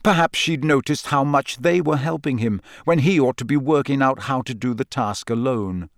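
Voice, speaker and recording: A man reading an audiobook in a measured, expressive narration. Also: mid-range voice, no room sound, clean studio sound. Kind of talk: scripted narration.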